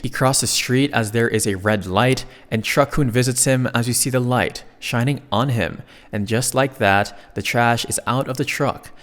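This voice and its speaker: A man's voice: medium pitch, long reverb tail. Man recapping a comic with joking asides. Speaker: recap narrator. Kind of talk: comic story recap narration.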